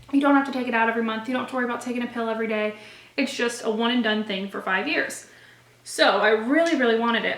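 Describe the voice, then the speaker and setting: A woman's voice: on the high side, fairly bright tone, echoey room. A woman in her twenties candidly telling her own story in a vlog. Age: 20s. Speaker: vlogger.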